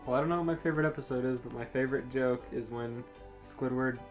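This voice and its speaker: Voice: mid-range voice, fast talker, soft background music. A podcast co-host in casual chat who giggles often. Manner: lively, giggly.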